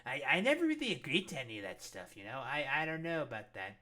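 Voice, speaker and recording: A man playing an evasive older male president in a mocking bit, talking in halting, shrugging phrases. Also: mid-range voice, huge pitch swings, pushed and bright.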